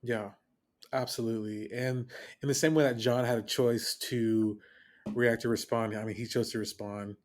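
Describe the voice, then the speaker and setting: A counselor co-hosting a podcast, speaking in a measured, supportive way. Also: mid-range voice, fairly even intonation, slight background noise. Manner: supportive, measured, agreeable listener. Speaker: counselor and co-host. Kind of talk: casual conversational podcast.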